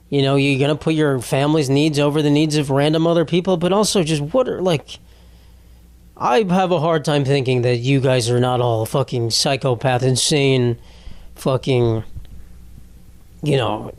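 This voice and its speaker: A man's voice: on the high side, no room sound. Rambling, profane male podcast host. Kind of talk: casual solo podcast rant.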